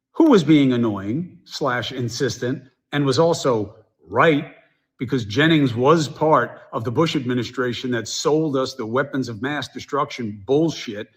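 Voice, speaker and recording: A man giving online political commentary in a blunt, indignant way. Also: medium pitch.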